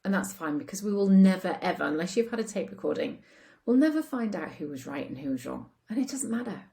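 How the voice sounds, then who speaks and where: A woman's voice: on the low side, animated, fast, gravelly, mellow. A woman relationship coach talking casually, chatty with lots of fillers, acting out the voices of people she quotes. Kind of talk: casual talk to camera.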